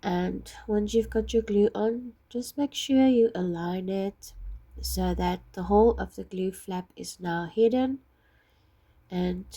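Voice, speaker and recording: A woman with a husky voice from being ill, patiently explaining each step of a craft project. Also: on the low side, warm tone. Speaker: craft tutorial maker.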